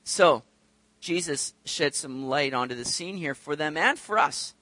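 A man preaching a sermon to his congregation, animated and acting out the voices of the people he describes. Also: a little high, unhurried, no room sound. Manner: animated, acts out quoted voices, addresses congregation directly. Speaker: pastor.

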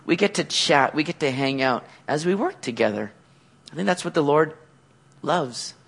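A man preaching a sermon as pastor, animated, acting out quotes with loud, excited outbursts. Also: a little high, moderate pace, vocal fry, husky.

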